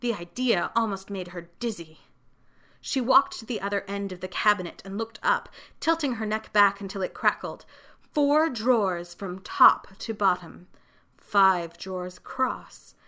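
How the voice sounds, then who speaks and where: A woman narrates a fantasy short story at a gentle, measured pace, as in scripted reading. Her voice is mid-pitched with a bright, forward tone.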